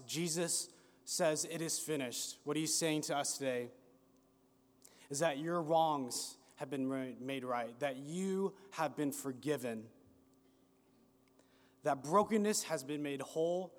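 A man preaching a sermon with a slow, dramatic delivery that rises and falls. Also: fairly high pitch. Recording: long hall reverb.

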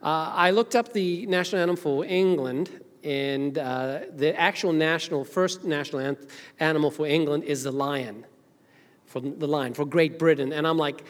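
A Zimbabwean woman with a deep voice preaches at a moderate pace as senior minister, delivering a casual, chatty sermon with joking asides to the congregation. She's in a church sanctuary, and the recording carries long hall reverb.

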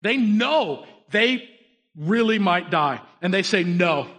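A man in his thirties preaching a sermon, an energetic storyteller who shifts between hushed, earnest moments and sudden emphatic bursts. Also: sits high, takes it slowly. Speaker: pastor.

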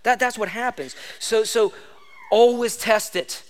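A man's voice: high voice, measured pace. A man preaching a sermon as pastor, emphatic and exhorting, repeating lines for stress. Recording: long hall reverb.

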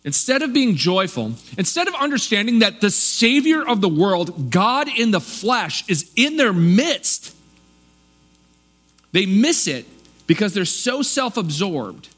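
Animated high-voiced male preacher. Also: unhurried. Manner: animated, acts out townspeople's voices. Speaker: pastor. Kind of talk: casual conversational sermon.

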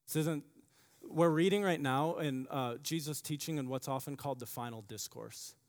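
A man preaching a sermon, repeating key phrases and swinging from loud emphasis to quiet asides. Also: a little high, normal speed. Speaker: pastor. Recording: long hall reverb.

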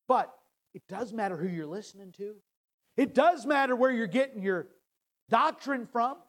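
Man, pastor, sermon, slow drawn-out delivery, loud to hushed swings. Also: high voice. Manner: casual paraphrasing of scripture.

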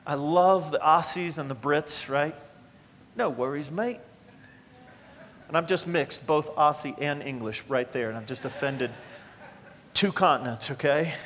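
High-voiced preacher in a reverberant hall. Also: male voice, moderate pace, a bit bright, a little hiss or hum. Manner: conversational and emphatic, addressing the congregation directly. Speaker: pastor. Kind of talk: sermon.

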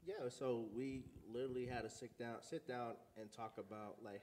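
A man's voice: medium pitch, fairly even intonation, normal speed, hardly any pauses, darkish tone, slight background noise. A man speaking as a guest about his marriage, in a laid-back, casual way. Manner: laid-back, says you know what I mean a lot. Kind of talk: casual interview chat.

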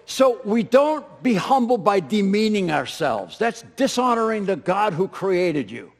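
A man preaching a sermon with dynamic delivery, rising to loud emphatic peaks and dropping to soft, near-whispered lines, with self-deprecating humor. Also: high-pitched, big pitch swings, measured pace, hardly any pauses. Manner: self-deprecating humor, laughs at own stories. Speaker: pastor.

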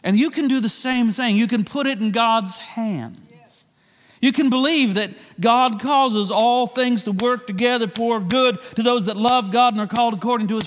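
A man's voice: very high-pitched, fairly bright tone, in a large hall. A man preaching a sermon, talking conversationally with frequent restarts and repeated phrases. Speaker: pastor.

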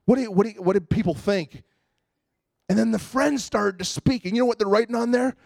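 A man preaching a sermon, animated, acting out the people in his stories. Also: high voice, fairly quick, creaky, no echo, clean studio sound. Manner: animated storytelling, acting out quoted voices. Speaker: pastor.

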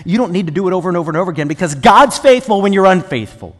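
A male pastor preaching a sermon with passion, moving between loud emphatic bursts and quiet asides. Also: high-pitched, lively intonation, very fast. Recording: long hall reverb.

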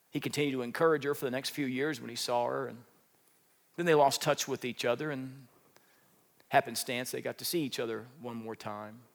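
A man preaching a sermon, telling a story with animated, rising emphasis. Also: mid-range voice, vocal fry. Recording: long hall reverb.

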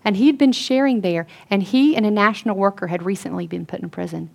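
A woman's voice: mid-range voice, fairly quick, creaky. Earnest woman telling a testimony. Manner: storytelling, drops to a hush for quoted lines. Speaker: speaker at a Christian gathering.

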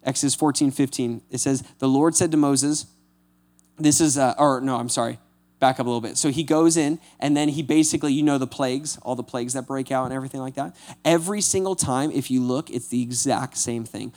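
A male pastor delivers a relaxed, conversational sermon at a middle pitch. He keeps checking in with casual "right?" asides and breaks into animated, theatrical voices when retelling scripture. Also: a little fast. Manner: acts out scripture quotes with lively voices.

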